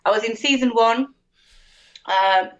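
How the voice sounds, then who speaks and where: A woman's voice: a little high, unhurried, highs cut off. A British woman talking casually as a podcast guest, chatty and laughing often, acting out little quotes. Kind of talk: casual chat.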